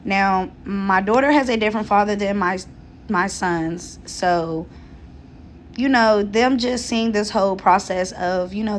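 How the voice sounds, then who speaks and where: A woman's voice: mid-range voice, slight background noise. A pregnant woman in her thirties telling a personal story in a casual vlog, earnest and talkative, with many fillers and restarts. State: seven months pregnant. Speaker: vlogger.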